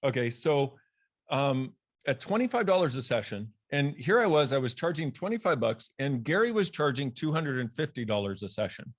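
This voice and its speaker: Animated man telling a story. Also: normal speed. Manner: animated, laughs, swears, acts out quoted voices with big pitch jumps. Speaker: author and guest. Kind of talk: storytelling in a podcast conversation.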